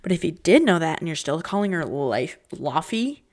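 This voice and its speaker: A young woman talks through her own podcast in loose, casual chat, with a slightly low voice. She is chatty and dramatic, jumping between pitches and dropping into whispers. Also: lively intonation, a little fast, darkish tone. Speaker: podcast host.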